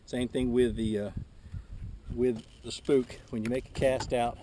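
A relaxed, chatty man explains his technique while he fishes from a boat on open water. He talks to a camera mic that he moves around as he works. Clear boat and water noise runs under his voice. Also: mid-range voice, unhurried. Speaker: fishing instructor. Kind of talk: casual how-to demonstration. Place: on a boat on a lake, outdoors. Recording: outdoor camera audio with noise.

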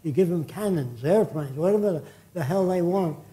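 A man's voice: on the high side, expressive, moderate pace, dark tone. An older man from the United States giving a public lecture, blunt and indignant, with profane asides.

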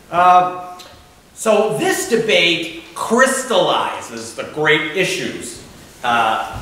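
A man's voice: sits high, fairly bright tone, a little hiss or hum. A man giving a public lecture as an author, speaking in a conversational, wry way with frequent filler sounds. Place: large echoey meeting hall. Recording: echoey hall from far off.

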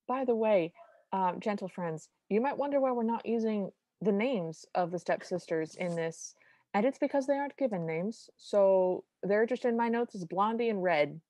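A woman's voice: mid-range voice, moderate pace, dark tone, no echo. Woman on a podcast, wry and picky, dry room, middle voice. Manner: wry, detailed, opinionated. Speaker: podcast co-host. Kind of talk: casual chat recapping a film.

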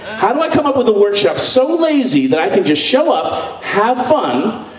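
A man telling a bawdy story to a live audience, in an animated and goofy manner, breaking into sung nonsense sounds. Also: high-pitched, moderate pace. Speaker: sex educator telling a story on stage. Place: stage before a live audience. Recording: echoey hall, mic far off, crowd laughing.

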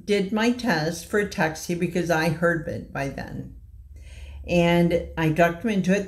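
A woman in her sixties from Kansas City tells her own story in a slightly shaky voice. She speaks very slowly, with halting pauses and earnest care. Her voice sits a little low for a woman. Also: darkish tone. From Kansas City, USA. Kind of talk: personal testimony at a meeting.

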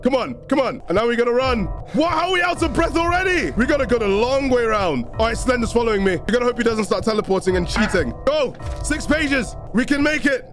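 A young man playing a horror game and commenting on it, excitable and jokey, reacting quickly and shouting when things get tense. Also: extremely high pitch, music in the background. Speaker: gaming YouTuber. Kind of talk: let's play commentary.

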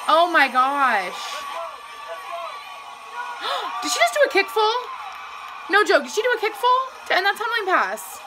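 A woman reacting to a cheer routine on her vlog, gushing and excitable and saying "like" a lot. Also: extremely high pitch, moderate pace, background noise. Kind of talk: casual video reaction.

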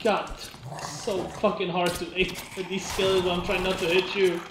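A streamer in loud, excitable live gameplay chat, laughing and swearing often. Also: mid-range voice, a little slow, roomy sound, noisy background.

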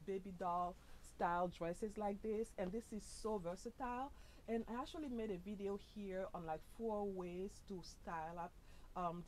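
An upbeat woman chats through a fashion try-on, calling her viewers "sis" and dropping plenty of fillers. She talks louder than her soft natural voice at a middle pitch. A faint hiss sits under the sound of the camera mic. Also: rough recording. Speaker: fashion vlogger. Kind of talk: casual try-on vlog. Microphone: camera mic, no lapel.

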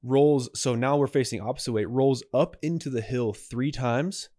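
A young man co-hosting a podcast, telling a story in a casual, animated way and acting out what people said. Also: mid-range voice, normal speed, no room sound, studio quality. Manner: animated, acts out dialogue. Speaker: podcast co-host.

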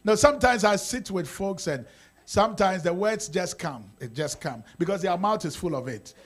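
A man with a Ghanaian accent preaching a sermon as pastor, swinging from quiet talk to shouting. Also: high-pitched, expressive, moderate pace.

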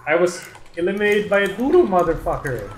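A man playing a team shooter with friends, swearing loudly with frantic outbursts in casual chat. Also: high-pitched, very animated, a little fast. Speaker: gamer. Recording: echoey room.

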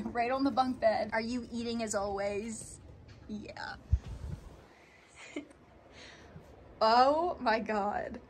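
A young woman pet vlogger chatting casually, bubbly and giggly, gushing with excitement. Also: a little high, drawn-out words, pauses often, a little hiss or hum. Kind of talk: casual vlog.

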